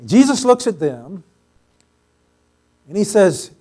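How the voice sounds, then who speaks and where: A pastor with a notably high voice delivers a sermon to his congregation. He leans on repetition, growing loud and emphatic on key phrases before dropping back down. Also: animated, moderate pace. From Pacific Northwest US. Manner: emphatic, repeats phrases for stress, swells loud on key words. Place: church sanctuary before a congregation.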